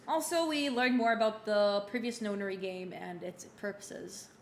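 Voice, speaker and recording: A woman's voice: mid-range voice, moderate pace, hardly any pauses. A young woman in her twenties, a streamer chatting casually and recapping a game, rambling with many fillers and restarts. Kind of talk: casual livestream chat while playing. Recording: roomy room echo, faint background hum.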